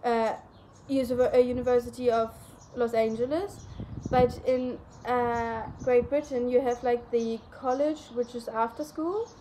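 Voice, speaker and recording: Young German-native woman, slightly high voice, loose rambling chat, faint noise behind. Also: steady tone, a little slow, warm tone. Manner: rambling, many fillers. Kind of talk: casual chat.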